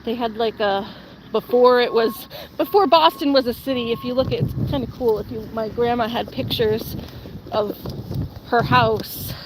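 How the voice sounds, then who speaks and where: A woman's voice: a little high, moderate pace, noisy background. Young woman streamer, casual rambly chat, faint outdoor ambience behind her. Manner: rambling, lots of "like" and "um", answers viewer comments.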